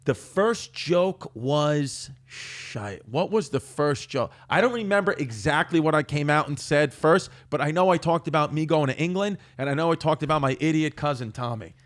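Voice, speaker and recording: A man from Queens, a comedian guest telling a story in an animated, self-mocking way. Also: a little high, normal speed, hardly any pauses. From New York, Queens. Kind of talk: storytelling on a talk show.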